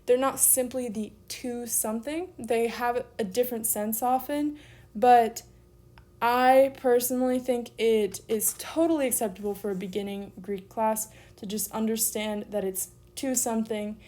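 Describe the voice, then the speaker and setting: A young woman with a slightly high voice walks through a beginner lesson at an unhurried pace. She explains things casually, step by step, and sounds words out syllable by syllable. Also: fairly even intonation, warm tone. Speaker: Greek teacher. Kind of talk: recorded online lesson.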